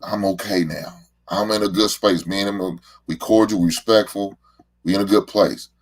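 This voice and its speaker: A middle-aged man with a very low voice hosts his own show. He tells stories casually and at length, and he often stumbles and repeats words as he goes. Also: fairly even intonation, normal speed. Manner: rambling, repeats words when emotional. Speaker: podcast host, father. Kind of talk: casual heartfelt monologue.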